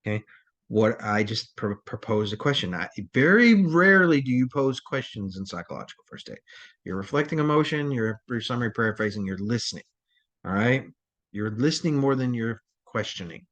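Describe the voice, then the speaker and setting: A man's voice: medium pitch, lively intonation, fairly quick, a bit bright. A man teaching a crisis response training lecture in a rambling, conversational way, with many fillers and restarts.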